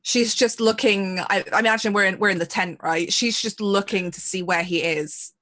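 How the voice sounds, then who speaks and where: A woman's voice: mid-range voice, steady tone, normal speed, a bit bright. A woman player in a tabletop game who casually narrates her character's feelings and hedges often with "like". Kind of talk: casual role-play narration.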